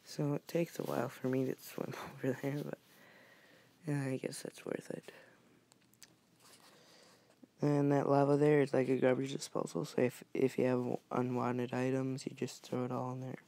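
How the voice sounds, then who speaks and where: A man giving a casual screen-recorded game tutorial, talking softly and often near a whisper, rambling with restarts. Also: medium pitch, completely flat delivery, normal speed, vocal fry, pauses often. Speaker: mobile game modding tutorial maker.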